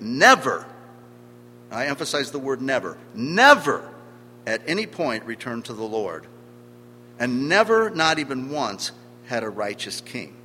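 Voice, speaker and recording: Emphatic preacher in a reverberant hall. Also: male voice, mid-range voice, fairly bright tone. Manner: emphatic, rising and falling in volume for stress. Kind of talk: sermon. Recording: long hall reverb with faint hum.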